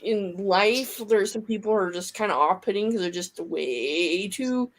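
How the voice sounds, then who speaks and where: A woman's voice: mid-range voice, a little slow, slight background noise. A woman chatting casually on a livestream in an enthusiastic, rambling way. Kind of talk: casual chat.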